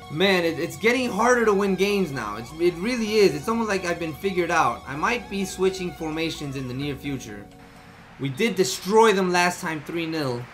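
Gaming YouTuber, male, high and lively delivery, casual slangy play-by-play over a desk mic. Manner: excitable, frustrated, says "man" and "yo" often. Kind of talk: live gameplay commentary.

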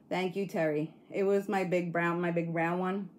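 A woman's voice: fairly low pitch, flat delivery, normal speed, hardly any pauses, slight background noise. A woman hosting a casual livestream, rambling and answering viewer comments while grieving and near tears. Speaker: livestream host.

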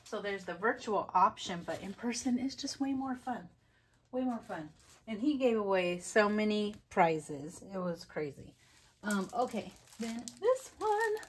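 A woman's voice: mid-range voice, expressive, measured pace, husky. A woman vlogger chatting casually and enthusiastically through a craft product haul, giggling often.

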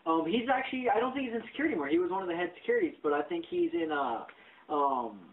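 A man tells a profane work story on a casual podcast, jumping between voices as he quotes people. His pitch swings widely, and the audio is tinny and narrow like a phone line. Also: racing, distant mic. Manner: animated, profane, acts out quotes. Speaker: podcast host.

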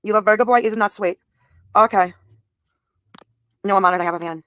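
A woman's voice: medium pitch, normal speed, long pauses, a bit bright, no echo, studio quality. A woman in her thirties livestreaming, talking bluntly and profanely straight to her viewers' comments. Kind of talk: live stream talk to chat.

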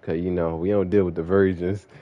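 A young man streaming a game and talking casually to his chat, full of slang, swearing and quick laughs. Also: low-pitched, little pitch movement, no room sound, phone-quality sound. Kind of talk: casual live-stream banter.

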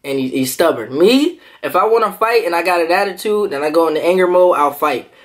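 A man vlogging to camera, telling a story in a lively, animated way and jumping into quoted voices, with features. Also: a little high, fairly quick. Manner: animated, jumps into quoted voices, laughs often. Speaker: food vlogger.

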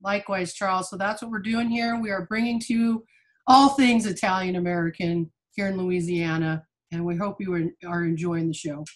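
A woman's voice: lowish voice, steady tone, moderate pace. A woman co-hosting a casual talk show, cheerful and playful, laughing easily. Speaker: co-host.

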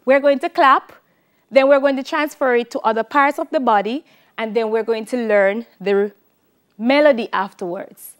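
A woman's voice: a little high, normal speed, smooth. A woman with a Jamaican accent teaching a televised music lesson, chanting syllables and counting out rhythms for students to clap along.

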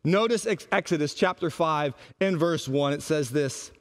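Pastor, male, high voice, animated sermon delivery that acts out quotes. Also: normal speed.

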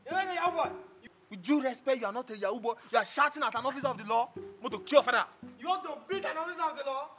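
A man's voice: extremely high pitch, animated, racing, soft background music, exaggerated voice. A man with a Nigerian accent playing an arrogant, blustering police officer who bullies and repeats himself. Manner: loud, bullying, repeats himself. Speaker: comedy skit actor.

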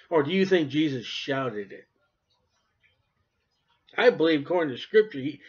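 A man preaching a sermon with emphasis, swinging between loud declarations and quiet asides. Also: high voice, moderate pace. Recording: dull lo-fi recording.

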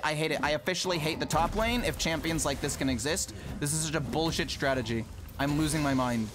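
A man's voice: on the high side, a little fast, background noise. A man live-streaming gameplay, ranting in exasperation and swearing often as he plays. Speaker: gaming streamer. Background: game music and sound effects.

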